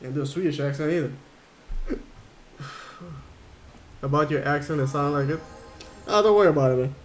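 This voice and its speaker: A man's voice: fairly high pitch, moderate pace, slight background noise. Chatty man streaming a game. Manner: rambling, chatty, thinking aloud. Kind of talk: casual livestream chat while gaming.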